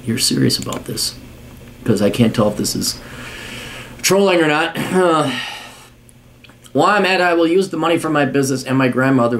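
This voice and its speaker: A man's voice: medium pitch, slight background noise. A man reading a listener's letter aloud on his podcast and breaking off into angry, profane, scornful rants. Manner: scornful, swearing, shouting bursts.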